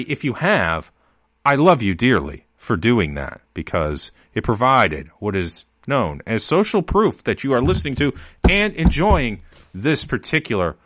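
A man's voice: lowish voice, a bit bright, no room sound. A man hosting his own podcast, talking casually in a rambling, digressive way. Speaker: podcast host. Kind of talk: casual solo podcast talk.

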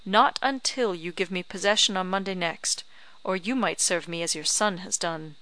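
A woman reading an earnest gentleman settler. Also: on the low side, moderate pace, dry recording, poor audio. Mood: steady.

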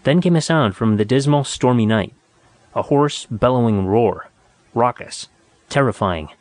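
A man reading a story aloud in a steady, measured narration. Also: mid-range voice, no room sound. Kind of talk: audiobook narration.

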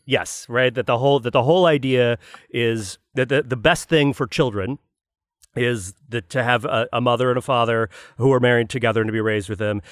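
A man's voice: mid-range voice, fairly even intonation, a little fast, no echo, clean studio sound. A man co-hosting a podcast roundtable, explaining a policy point carefully and qualifying his claims as he goes. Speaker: podcast co-host, magazine editor. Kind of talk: casual roundtable discussion.

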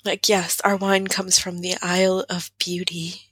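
A woman's voice: fairly low pitch, level tone, measured pace, a bit bright, husky, dry recording. A young woman in her twenties chatting casually as a co-host, laughing often as she talks. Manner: giggly, laughs often while talking. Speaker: podcast co-host. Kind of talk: casual chat.

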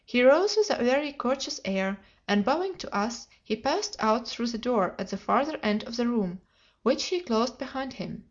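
A woman reading a classic detective story aloud as an audiobook narrator, steady and measured, in a dull lo-fi recording. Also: a little high. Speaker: audiobook reader.

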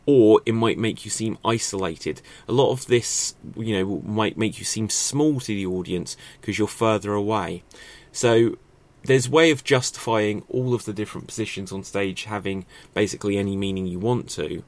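A man with a fairly low voice teaches acting in a loose, chatty way. He keeps asking rhetorical questions and thinks out loud, with plenty of fillers along the way. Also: normal speed, hardly any pauses, dry recording. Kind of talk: casual spoken lesson to camera.

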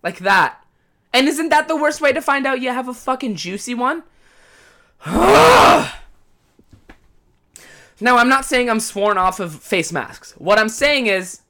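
A man riffing alone on his podcast in an exasperated, swear-heavy comic rant. His voice is bright and cutting, and his pitch swings widely as he works himself up. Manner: profane, exasperated comic ranting. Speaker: podcast host. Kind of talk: casual podcast monologue.

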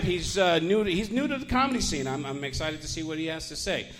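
A Puerto Rican man emceeing a comedy night, his voice pitched high and swinging widely as he tells his jokes. He keeps laughing at his own lines. Faint live-room noise sits under the stage mic. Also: big pitch swings, fairly quick, fairly bright tone, a faint crowd. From Puerto Rico. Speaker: comedy show host. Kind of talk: stand-up comedy.

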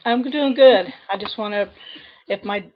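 A woman dispatcher telling a personal story over a video call, earnest and halting with many pauses. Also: medium pitch, muffled recording. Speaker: 911 dispatcher guest.

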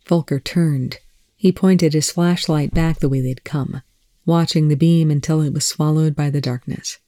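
A narrator reading fan fiction aloud with a measured, hushed sense of suspense. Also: mid-range voice, steady tone, no room sound, studio quality.

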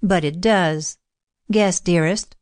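A woman reading the part of a gentle, loving young woman who speaks softly and tenderly. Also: lowish voice, slow pace, dry recording. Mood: tender, coaxing. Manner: soft, tender.

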